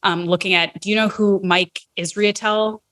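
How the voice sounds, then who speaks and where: A woman's voice: lowish voice, fairly even intonation, fairly quick, fairly bright tone. A woman co-hosting a fitness podcast, talking in a chatty, laid-back way full of "like" and "um". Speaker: podcast co-host. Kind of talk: casual podcast chat.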